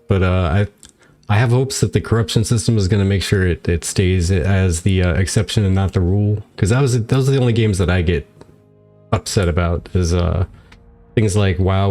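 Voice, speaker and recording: Very deep-voiced easygoing podcast host. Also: male voice, warm tone. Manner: easygoing, laughs often. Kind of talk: casual podcast chat. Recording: faint music behind.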